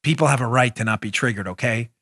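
A man hosting a political talk show, excitable and loud, with a sarcastic edge. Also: mid-range voice, fast. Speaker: podcast host.

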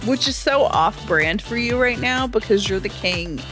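A woman's voice: fairly high pitch, lively intonation, moderate pace, over music. A woman co-hosting a podcast, chatting casually and reading an ad with enthusiasm. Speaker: podcast co-host. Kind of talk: casual chat and host-read ad.

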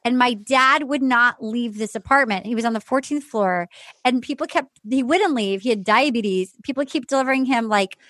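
A woman co-hosting a podcast, chatting casually and telling animated stories with acted-out quotes. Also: a little high, moderate pace, no echo. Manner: animated storyteller, acts out quotes. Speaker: podcast co-host. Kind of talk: casual chat.

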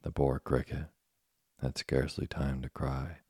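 Man narrating audiobook, extremely low voice, husky, flat delivery, dry close sound. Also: slow, no room sound. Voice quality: gravelly and husky. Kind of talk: scripted storybook narration.

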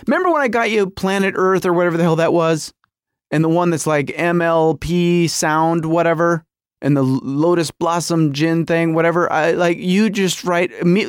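A man's voice: a little high, normal speed, smooth, no echo, clean studio sound. A middle-aged man hosting a podcast, telling a comic story about his marriage with exaggerated quoted voices. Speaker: podcast host.

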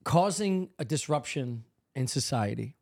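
A man's voice: mid-range voice, animated, a little slow, gravelly, a little mellow. A man co-hosting a comedy podcast, rambling in crude, joking chat. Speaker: podcast co-host.

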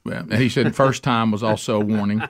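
A man's voice: lowish voice, fairly even intonation, brisk, no echo, clean studio sound. A man hosting a radio talk show, rambling casually with many restarts. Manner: rambling, lots of restarts and "I mean".

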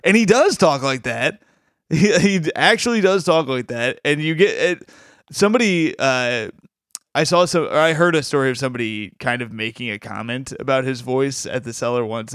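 Guy hosting a comedy podcast, gushing and rambling, smooth dry close sound. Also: mid-range voice, expressive, moderate pace, fairly bright tone, no echo. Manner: enthusiastic, rambling with restarts. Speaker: podcast host. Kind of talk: casual podcast chat.

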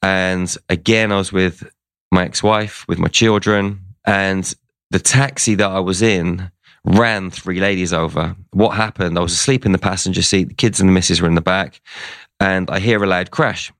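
A man's voice: low voice, steady tone, unhurried, a bit bright, no echo. A man, a guest in an interview, telling a personal story in a casual way and quoting what people said to him.

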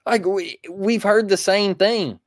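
A man talks sports with a co-host in an emphatic, preachy way, circling back to the same phrases to hammer his point home. His voice sits a little high for a man and sounds close and dry, with no room around it. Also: steady tone, slow, no echo. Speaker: podcast co-host. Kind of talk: casual sports talk.

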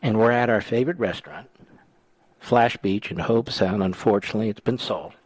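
A man's voice: on the low side, brisk, no room sound. A man hosting a talk radio show, chatting with callers and telling stories in a teasing way. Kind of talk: talk radio chat and monologue. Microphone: studio mic.

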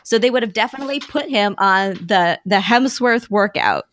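A woman co-hosting a casual group podcast chat, animated and enthusiastic. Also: medium pitch, normal speed, slight background noise. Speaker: podcast co-host.

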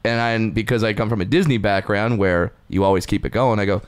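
A man's voice: lowish voice, fast, clean tone, no room sound. A man on a podcast telling a backstage story in casual chat, acting out voices as he goes. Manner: animated, acts out voices in quotes. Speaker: podcast host and puppeteer.

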